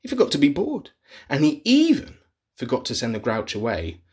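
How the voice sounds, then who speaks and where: A man reading a picture book aloud to children in a playful, animated way, sometimes dropping to a whisper. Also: mid-range voice, moderate pace, slightly rough. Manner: animated, playful, drops to whispers for gross bits. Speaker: children's storyteller. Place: office.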